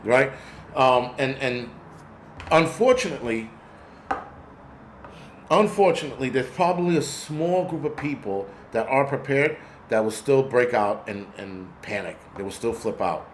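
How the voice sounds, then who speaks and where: A man's voice: mid-range voice, expressive, unhurried, slight background noise. A man hosting a casual vlog who rants angrily and bluntly, with plenty of profanity. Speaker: host.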